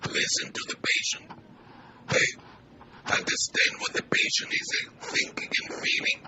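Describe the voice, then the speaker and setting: An older man with an Israeli accent and a whispery, weak voice, speaking earnestly in short measured phrases in an interview. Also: pushed and bright, a little hiss or hum, low-quality recording. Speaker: physician interviewee.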